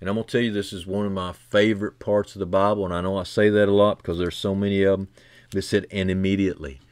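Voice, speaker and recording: Man, preacher, sermon, fervent, repeats phrases, deepish voice, dry sound. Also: little pitch movement, fast, clean tone, dry recording. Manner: fervent, builds from low and quiet to loud and high; repeats key phrases for emphasis.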